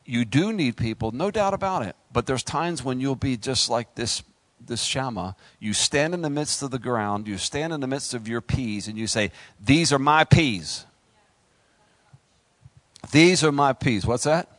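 A man preaching a sermon with animated delivery, rising to high exclamations and pulling back to quieter asides. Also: normal speed, no echo. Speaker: pastor.

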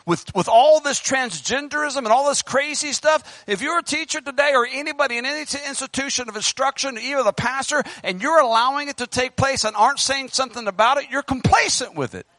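Fervent high-voiced male preacher. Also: fairly quick, hardly any pauses, no room sound. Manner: fervent preaching, swinging between loud bursts and hushed pleading. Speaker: pastor. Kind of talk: sermon. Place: church. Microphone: handheld microphone.

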